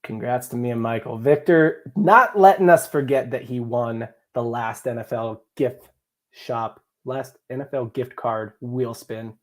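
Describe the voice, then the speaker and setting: Hosting a live draft stream, this young man talks in an unhurried, mid-range voice. His tone is jokey and chatty as he reads viewer comments aloud and banters with chat and co-hosts.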